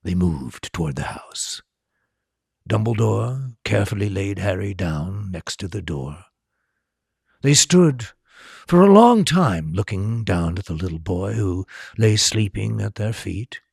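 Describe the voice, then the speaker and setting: Male storybook narrator, husky low voice, lively melody. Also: no echo, studio quality. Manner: slow, expressive storytelling. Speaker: storyteller and tour host. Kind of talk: storybook reading.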